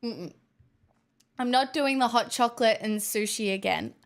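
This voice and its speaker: A woman's voice: fairly high pitch, normal speed. A young woman streamer chatting casually with her viewers, giggly and rambling. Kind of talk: casual live-stream chat.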